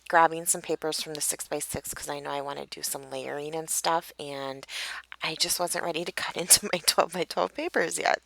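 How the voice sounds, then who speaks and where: A woman talks through her craft process at home in a relaxed, chatty way, giggling and correcting herself as she goes. Her voice sits low with a gravelly edge. The sound is close and dry. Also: no room sound, low-quality recording. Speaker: papercraft tutorial maker. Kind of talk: casual voice-over narration of a craft process.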